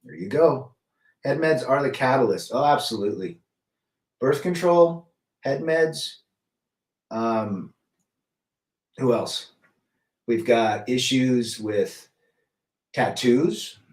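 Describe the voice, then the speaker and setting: A man's voice: mid-range voice, lively intonation, slow pace, long pauses. A middle-aged man hosting a casual livestream, giving blunt opinions and greeting chatters by name. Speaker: livestream host reading chat. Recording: roomy echo, mic at a distance.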